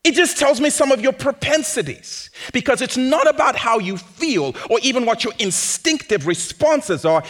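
Male pastor, sermon. High, very expressive voice, unhurried delivery, playful and animated. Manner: animated, playful, mimics panicked voices for laughs.

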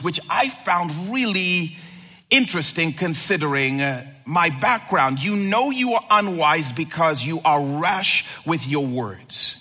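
Male pastor, conversational sermon; lively pitch, slow measured pace. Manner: animated, conversational preaching with rhetorical questions.

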